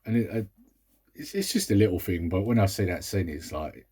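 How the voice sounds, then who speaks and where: Talking casually about a film he's reviewing, this British vlogger rambles and throws in exasperated asides. He speaks fairly quickly in a low, husky, slightly mellow voice with lively intonation.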